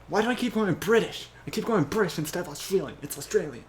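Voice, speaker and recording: A man's voice: sits high, lively intonation, fast, few pauses, a little hiss or hum. A man thinking aloud to himself as he writes a script, questioning his own choices in a casual, self-talking way. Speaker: fan scriptwriter. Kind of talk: thinking aloud while writing.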